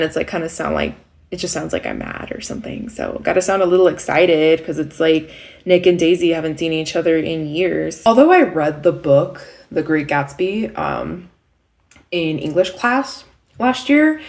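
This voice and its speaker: A woman's voice: low voice, vocal fry. A young woman vlogging casually, rambling with many fillers and self-corrections. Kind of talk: casual vlog chat.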